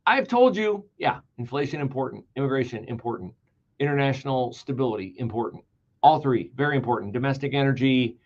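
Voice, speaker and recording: A male talk radio host in full monologue, his pitch leaping high and dropping low as he hammers each point. He is sarcastic and emphatic, and he repeats key words to drive them home. The broadcast sound is a little dull.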